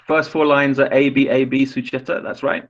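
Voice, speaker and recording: A man's voice: medium pitch, flat delivery, normal speed, fairly bright tone, dull audio. A man lecturing on poetry in an online class, explaining patiently, often restarting phrases and asking students questions. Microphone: video call.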